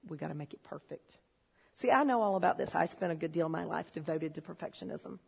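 A woman preaching a sermon in a church, telling stories and swinging from low, confiding talk to shouted excitement. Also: fast talker, vocal fry, breathy edge. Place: church hall. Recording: long hall reverb.

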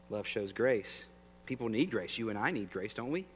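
The pastor's fairly low voice has lively intonation and moves at a normal speed. He preaches conversationally, often questioning the audience, in a recording marked by long reverb and a faint hum.

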